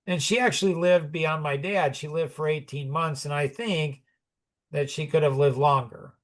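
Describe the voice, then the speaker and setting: Reflective man in his sixties, slightly high voice. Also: fairly even intonation, normal speed. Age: 60s. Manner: rambling, reflective, with frequent restarts and chuckles. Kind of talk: personal storytelling in conversation.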